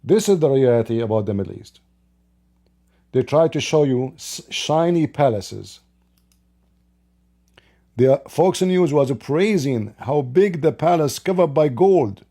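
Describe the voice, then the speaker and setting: A man's voice: medium pitch, expressive, measured pace, pauses often, mellow. A man delivering an opinionated commentary monologue, emphatic and scornful, firing off rhetorical questions in plain, broken grammar. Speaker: online commentator.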